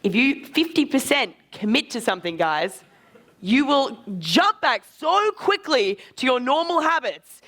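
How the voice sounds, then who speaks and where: A man coaching a live social skills seminar, energetic and casual, with quick asides and swearing. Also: extremely high pitch.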